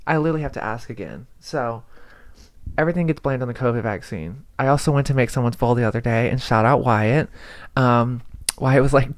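A young man hosts his own podcast and chats away in a relaxed, wandering way. He pokes fun at himself as he goes. His voice sits at an everyday pitch for a man, in a dry room with no echo. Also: fairly quick. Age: young adult. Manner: rambling, chatty and self-deprecating. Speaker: podcast host. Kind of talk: casual solo podcast chat.

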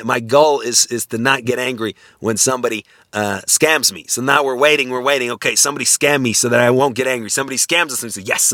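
A man lectures on ethics in a loose, conversational way, often stopping to check in with his listeners. His voice is bright and forward. The sound is close and dry, with no room around it. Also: mid-range voice, dry recording. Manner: conversational, many restarts, frequent "right?" tag questions.

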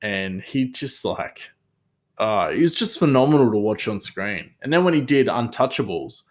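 A man's voice: mid-range voice, big pitch swings, normal speed. A man hosting a solo talk show, rambling casually with many fillers and restarts. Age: adult father. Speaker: podcast host.

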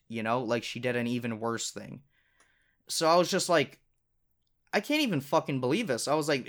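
A man's voice: mid-range voice, a bit bright. Rambling, profane young man telling a story. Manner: rambling, profane, heavy with filler words. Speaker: podcast host. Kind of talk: casual storytelling podcast.

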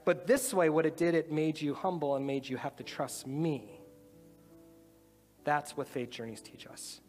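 A man preaches in a relaxed, chatty way, slipping into voices as he makes his points. His voice sits a bit high for a man. The sound carries a long hall reverb with faint music underneath. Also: a little slow. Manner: animated, conversational, acts out voices. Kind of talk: sermon with demonstration.

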